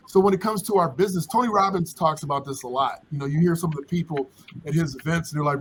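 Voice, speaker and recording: Man, high voice, podcast panel talk, storytelling, acts out dialogues, faint noise. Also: fast talker. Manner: storytelling, plays out little dialogues. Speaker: panel speaker. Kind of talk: casual podcast discussion.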